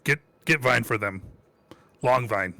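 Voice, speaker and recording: A man voicing a second goblin with a higher-pitched, grudging manner. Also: a little slow, gravelly, bright, forceful tone, dry recording.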